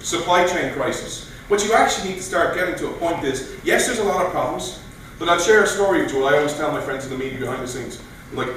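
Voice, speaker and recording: A man giving an animated speech at a political meeting, telling stories and acting out quoted voices. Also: on the high side, a little hiss or hum. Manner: animated, storytelling with mock voices. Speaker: guest speaker. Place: meeting room. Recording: echoey room from far off.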